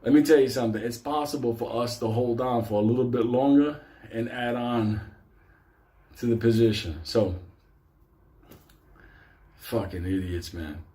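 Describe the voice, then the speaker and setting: A man's voice: medium pitch, normal speed, long pauses, dark tone. A man, casually telling a long story, swearing heavily and laughing as he goes. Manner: profane, laughing through the story. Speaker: host.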